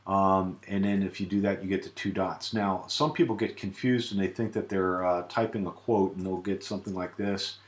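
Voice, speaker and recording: A man giving a relaxed screen-recorded software tutorial, with many filler sounds. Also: low-pitched, moderate pace, few pauses, echoey room. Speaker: tutorial presenter.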